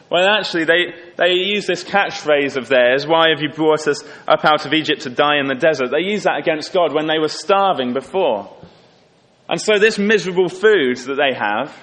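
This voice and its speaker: A man preaching a sermon earnestly, lifting his voice for emphasis and dropping low and quiet on solemn points. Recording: long hall reverb.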